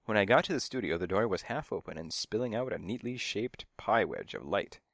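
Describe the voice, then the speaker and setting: Man, audiobook narrator, wry hard-boiled detective read, lowish pitch, very dry sound. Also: animated, brisk, a bit bright, no room sound. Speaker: audiobook reader. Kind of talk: first-person detective narration.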